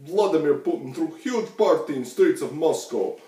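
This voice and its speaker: A man's voice: expressive, moderate pace, warm tone, natural voice. A man putting on a gloating comic Russian accent. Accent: put-on Russian. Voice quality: high strained comic voice. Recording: echoey room, mic far off.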